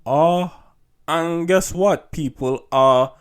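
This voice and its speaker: A young man hosts a podcast, talking in a laid-back, chatty monologue with a slightly high voice, a slow pace, and a clean tone. He laughs a lot and keeps dropping "yo" and "like" into his speech.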